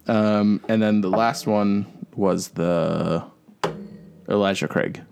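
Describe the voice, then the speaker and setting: A man with a lowish voice talks loosely in a relaxed podcast chat. He rambles, restarts his sentences and laughs easily as he goes. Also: takes it slowly, vocal fry, slight background noise. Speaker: podcast co-host. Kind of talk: casual chat.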